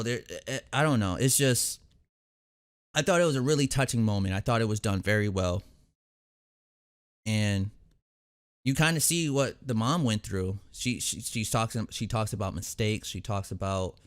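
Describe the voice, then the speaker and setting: Young male reaction host, lowish voice, loose rambling recap full of "like" and restarts. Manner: rambling, with many fillers and restarts. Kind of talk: casual episode recap.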